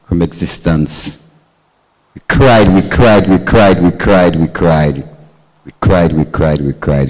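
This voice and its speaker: Man, very low voice, addressing a hall from the floor, long reverb, emphatic repetition. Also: a little mellow. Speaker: audience member, society secretary. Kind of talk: speech from the floor. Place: lecture hall.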